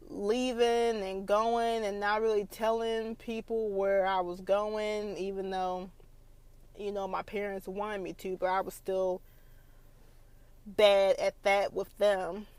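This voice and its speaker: A woman's voice: medium pitch, darkish tone, no room sound. A young adult woman hosting a podcast, telling a personal story in a chatty way with many fillers and restarts. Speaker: podcast host. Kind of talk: casual podcast monologue.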